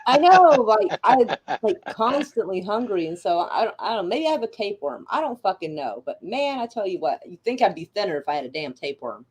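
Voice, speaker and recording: A woman's voice: mid-range voice, sing-song, brisk, few pauses, slightly rough. A woman streamer chatting casually about an old comedy film, laughing often and swearing freely. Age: adult. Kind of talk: casual chat.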